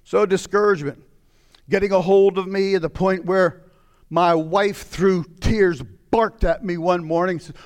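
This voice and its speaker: Preaching with fervor, this middle-aged pastor alternates between loud outcries and weary, hushed murmurs. His pace is unhurried and his intonation stays fairly even.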